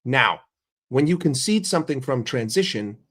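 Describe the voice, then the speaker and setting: A man's voice: medium pitch, lively intonation, normal speed, fairly bright tone, slightly rough. Profane, heated male football streamer. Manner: questions the chat directly. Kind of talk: livestream football rant.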